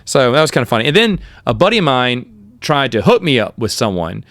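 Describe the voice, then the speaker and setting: A middle-aged man, host of his own podcast, casually telling rambling, self-deprecating stories and jumping up high in pitch when he quotes himself. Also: a little fast, dry recording, studio quality. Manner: animated, with sudden jumps in pitch when quoting himself. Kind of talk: casual storytelling.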